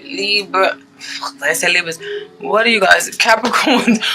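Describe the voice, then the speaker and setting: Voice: medium pitch, fairly even intonation, slow pace, pushed and bright, poor audio. A tarot reader in a casual, rambling style who keeps checking in with viewers by asking "okay?" and reads card meanings aloud between asides. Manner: chatty, rambling, many "okay?" check-ins.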